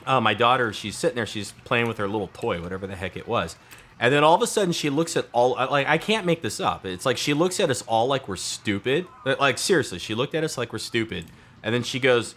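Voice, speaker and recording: A man's voice: mid-range voice, expressive, a little fast, a bit bright. A man in his thirties thinking aloud as he builds in a game, casual and chatty. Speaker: let's play host. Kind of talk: casual gameplay commentary.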